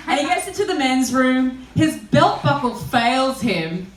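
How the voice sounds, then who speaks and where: With a fairly high, expressive voice, she talks at normal speed with hardly any pauses, telling crude, self-deprecating stories in stand-up and often laughing through her lines. The audio comes from a roomy small venue, far from the mic, full of audience laughter and reactions.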